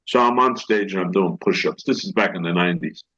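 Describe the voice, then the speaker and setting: An older man, an actor appearing as a guest, tells rambling anecdotes in a storytelling interview, acting out what others said and restarting often. His deep voice is bright and forceful, and he speaks briskly. The recording is dull and lo-fi.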